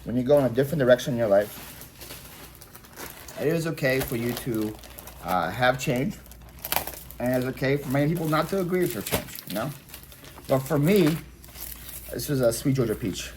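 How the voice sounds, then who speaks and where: A man's voice: medium pitch, expressive, moderate pace, pauses often. Casual guy rambling to viewers while packing stuff, lots of ums, faint noise and crinkling behind. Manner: chatty, repeats words, many fillers. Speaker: online reseller vlogger.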